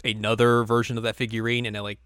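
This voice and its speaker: Casual co-host, male, smooth and resonant, dry close sound, jokey recap delivery. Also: mid-range voice, flat delivery, fairly bright tone, dry recording. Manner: laid-back, joking, acts out characters in quick asides. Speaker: podcast co-host. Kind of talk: casual anime recap chat.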